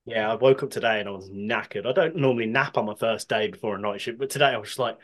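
A man's voice: lowish voice, fast. A man with a Birmingham accent, co-hosting a podcast in casual chat, ranting, swearing freely and laughing often. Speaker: podcast co-host.

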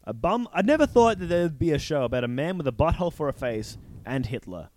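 A man's voice: a little high, sing-song, fast, darkish tone. Man joking on a podcast. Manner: joking, acts out scenes in silly voices. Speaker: podcast co-host. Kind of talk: casual chat recapping a TV episode.

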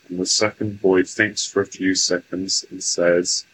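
Channeling-session voice: a man with a very deep, slow, stilted and formal delivery. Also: steady tone, fairly bright tone, a little hiss or hum, low-quality recording. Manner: formal, deliberate, stilted phrasing. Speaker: channeled speaker.

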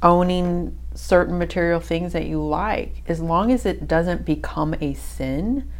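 A woman's voice: fairly low pitch, unhurried, a little hiss or hum. A middle-aged woman co-hosting a faith podcast, chatting casually with lots of fillers and restarts. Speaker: podcast co-host.

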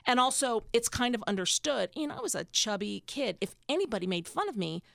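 A woman's voice: fairly high pitch, sing-song, brisk, vocal fry, fairly bright tone, no room sound, studio quality. A woman in her fifties telling candid personal stories in casual chat, emotional and rambling, with lots of fillers and restarts. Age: 50s. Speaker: podcast guest.

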